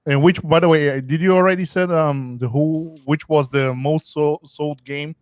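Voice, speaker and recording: A man with a slightly raised pitch gives his thoughts on a gaming podcast. He hesitates often and fills the gaps with "um" and "uh". His voice sounds dry and close, with no room around it. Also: steady tone, normal speed, clear, resonant tone, no room sound. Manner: hesitant, many "um"s. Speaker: podcast guest. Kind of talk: casual gaming podcast chat.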